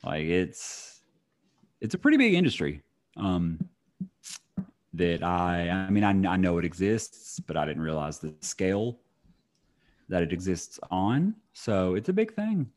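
Young guy cohost, lowish voice, dry wisecracks. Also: very animated, a little slow, long pauses, a little mellow. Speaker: podcast co-host. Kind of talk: casual podcast chat.

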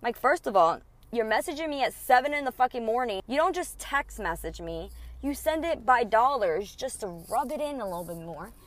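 A woman's voice: on the high side, animated, moderate pace, few pauses, fairly bright tone, no echo. A young woman hosting a podcast, heatedly retelling a feud in casual, profane storytelling with lots of quoted back-and-forth. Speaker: podcast host.

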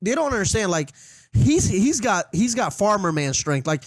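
A man co-hosting a podcast in casual sports chat, excitable and halting, often restarting his sentences. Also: high-pitched, dry recording. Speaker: podcast co-host.

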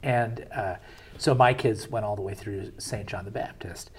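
Husky-voiced man hosting an interview. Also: on the low side, normal speed. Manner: conversational storyteller, rambling with fillers. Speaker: interview host and parent. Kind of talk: interview conversation.

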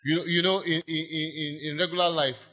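In a dull lo-fi sermon recording, a male pastor with a voice on the high side speaks at normal speed in a level but bright, forceful tone. He's emphatic, stretching words and repeating key phrases as he leads call-and-response declarations with the congregation.

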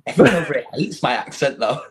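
A man's voice: a little high, big pitch swings, quick pace, poor audio. A man from England with a Mancunian accent, talking casually as an interview guest. He is chatty and self-deprecating, and he laughs often.

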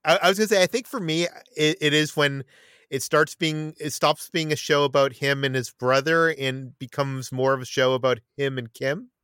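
A man's voice: a little high, moderate pace, fairly bright tone, clean tone, no room sound, studio quality. Stammering man hosting a casual chat. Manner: stammering restarts, many fillers. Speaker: podcast host.

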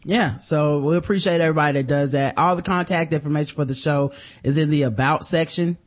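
A man hosting a podcast, chatting casually, reading a sponsor spot and plugging his site with loose, joking asides. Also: fairly high pitch. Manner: loose, joking, shifts between fast asides and drawn-out hype. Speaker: podcast host.

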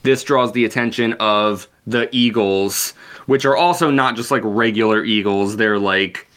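A man with a fairly low voice chats through a book recap on a podcast. He is laid-back and loose, swearing now and then. His talk is full of fillers and restarts. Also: unhurried, fairly bright tone. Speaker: podcast co-host. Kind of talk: casual book-club chat.

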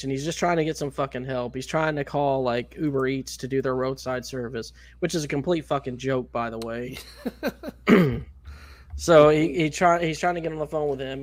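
A man co-hosting a casual podcast, telling a story in a loose, profane, animated way. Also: mid-range voice. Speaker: podcast co-host. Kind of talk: casual chat.

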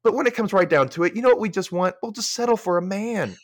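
Animated man retelling a sitcom. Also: high-pitched, fast, no room sound, studio quality. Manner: animated retelling, acting out lines. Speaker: podcast co-host. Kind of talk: recapping a sitcom episode.

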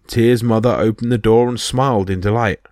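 A man's voice: medium pitch, brisk, no room sound, clean studio sound. A man narrating myths as a podcast storyteller, reading expressively. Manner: expressive reading that voices each character.

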